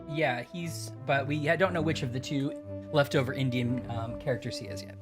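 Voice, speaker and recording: A woman's voice: extremely low pitch, normal speed, over music. A young woman chatting playfully while she plays a mystery game on stream, thinking aloud. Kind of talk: casual game-stream chat.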